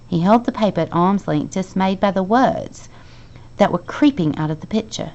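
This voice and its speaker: A woman teacher reading a children's novel aloud to her class, expressive and lively, with the dialogue acted out. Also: medium pitch, normal speed, creaky, lo-fi sound.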